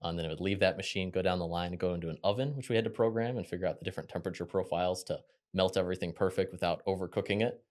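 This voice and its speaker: Fast-talking young man, very low voice. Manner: quick, chatty, animated when quoting others. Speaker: podcast guest. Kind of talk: casual interview storytelling.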